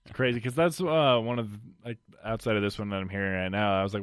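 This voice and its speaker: A man's voice: fairly low pitch, lively intonation, fast, clear, resonant tone, no room sound. A man hosting a podcast, talking enthusiastically and encouragingly in casual chat. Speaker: podcast host.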